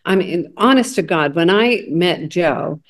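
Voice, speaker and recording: A middle-aged woman co-hosting a casual chat, sharing lively anecdotes. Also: lowish voice, a little slow. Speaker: co-host.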